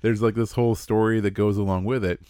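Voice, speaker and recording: An easygoing man with a very low voice co-hosts a podcast, laughing at his own jokes as he talks. His voice sits close and dry on the microphone. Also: steady tone, fast, mellow, clear, resonant tone, dry recording. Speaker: podcast co-host. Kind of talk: casual chat.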